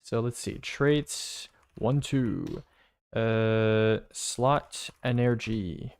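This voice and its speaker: A man streaming a video game, chatting casually and thinking out loud as he rambles and repeats himself. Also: fairly low pitch, drawn-out words, vocal fry, smooth. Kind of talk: casual live-stream chat.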